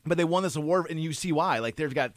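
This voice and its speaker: Fast-talking, rambling male podcast co-host. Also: on the high side, dry recording. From Detroit area. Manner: rambling storyteller with many restarts and fillers; animated, laughing while retelling anecdotes. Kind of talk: casual chat.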